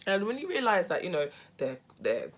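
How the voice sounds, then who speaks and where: A woman talking casually to camera as a self-help vlogger, emphatic and repeating "okay?" and "right?", breaking into loud laughing asides. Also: on the low side, huge pitch swings, a little fast, slight background noise.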